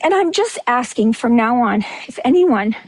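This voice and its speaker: A woman with a slightly high but darkish-toned voice speaks animatedly at a normal speed in a dry recording. As a livestream host, she gives a blunt, emotional monologue, rambling, restarting, and a little winded.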